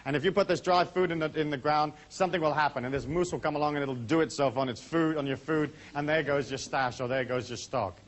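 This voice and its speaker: Fast-talking man leading a seminar. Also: on the high side. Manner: brisk, chatty, full of asides. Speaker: seminar speaker. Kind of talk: talk to a live audience.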